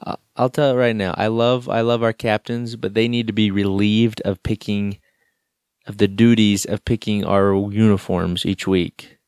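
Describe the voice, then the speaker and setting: A man's voice: lowish voice, steady tone, moderate pace, darkish tone, clean tone, no echo. A man co-hosting a casual sports talk show, ranting with dry sarcastic jokes. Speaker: co-host.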